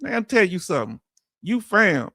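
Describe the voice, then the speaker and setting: A man's voice: high voice, very animated, moderate pace, bright, forceful tone, no echo, clean studio sound. A man hosting a casual livestream, reading viewer comments aloud and calling his audience family in a heartfelt, emotional way.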